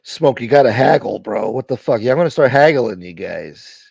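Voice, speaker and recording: A man hosting a casual livestream, thanking donors and shouting out viewers by name in a profane, joking way. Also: medium pitch, animated, normal speed, gravelly, husky, dry recording, highs cut off. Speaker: livestream host. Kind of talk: casual live chat reading donations.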